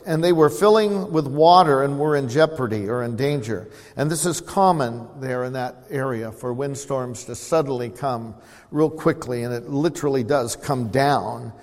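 A man preaching an expository sermon, earnestly explaining scripture and calling on the congregation to respond. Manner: swells louder reading scripture, drops low to explain. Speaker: pastor. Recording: long hall reverb.

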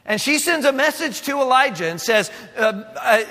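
A male pastor tells a Bible story from the pulpit with animated drama and plenty of restarts. His voice sits high and sounds bright and forceful. A long hall reverb trails behind him in the church sanctuary. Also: moderate pace. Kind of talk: sermon storytelling.

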